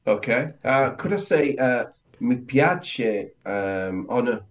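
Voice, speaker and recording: A man from England, acting as learner and co-host, asks curious, tentative questions in a conversational Italian lesson. His mid-range voice is expressive and slow, captured with dull lo-fi sound.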